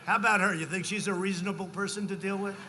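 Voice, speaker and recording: A man's voice: sits high, steady tone, fast, noisy background. Man giving a rambling campaign rally speech. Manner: rambling and repetitive, often rising to shouts. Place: large outdoor rally.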